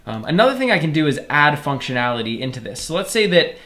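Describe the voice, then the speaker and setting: A man's voice: fairly high pitch, very animated, quick pace, bright, forceful tone. A man teaching programming in a screen-recorded tutorial, explaining each step casually and speaking to viewers as "you guys". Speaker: programming instructor.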